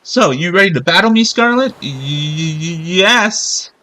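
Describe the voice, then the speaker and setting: A man voicing an excitable trainer rival in a mock Spanish accent that comes out sounding Italian, theatrical and over the top. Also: high voice, unhurried, voice pushed up, exaggerated voice. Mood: hammy excited.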